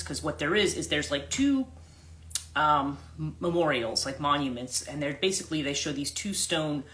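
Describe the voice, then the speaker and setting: A woman's voice: low voice, expressive, moderate pace, fairly bright tone. A woman who works as a life coach, retelling a story in a rambling, casual livestream chat with many restarts and self-corrections.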